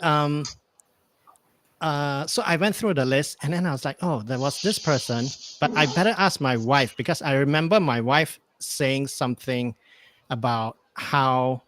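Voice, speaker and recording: A man's voice: a little high, a little slow, fairly bright tone, no echo. A man telling a rambling anecdote on a remote call, hesitant and full of fillers, acting out bits of dialogue. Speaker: podcast guest. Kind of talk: casual storytelling chat.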